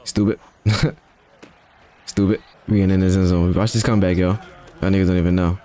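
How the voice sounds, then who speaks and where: A young man giving casual, excitable commentary while playing a video game, trash-talking and exclaiming as he plays. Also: deep voice, moderate pace. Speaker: gamer. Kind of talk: live gameplay commentary.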